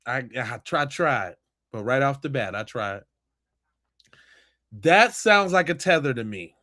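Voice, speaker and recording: A man hosting a podcast, talking in an animated, sarcastic way and repeating himself for emphasis. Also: medium pitch, measured pace. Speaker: podcast host. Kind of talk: casual podcast commentary.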